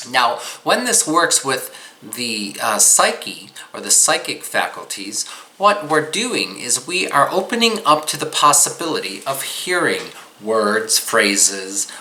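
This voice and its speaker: A man's voice: medium pitch, pushed and bright, low-quality recording. A man teaching an instructional course, patiently guiding listeners through listening exercises. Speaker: psychic medium teaching a course.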